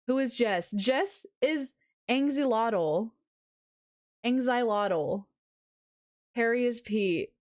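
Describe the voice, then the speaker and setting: A woman in casual chat, reacting with excited disbelief and some swearing. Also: fairly high pitch.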